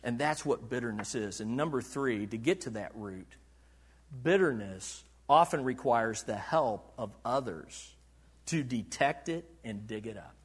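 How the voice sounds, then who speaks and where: A male pastor preaching a sermon, asking the congregation questions and swinging between loud bursts and hushed, confiding lows. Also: expressive, unhurried, husky. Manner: asks the congregation questions and waits for answers.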